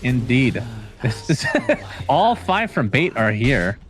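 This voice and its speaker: Excitable male play-by-play caster over music. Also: medium pitch. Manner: excitable, joking, quick calls. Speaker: esports caster. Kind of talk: play-by-play commentary.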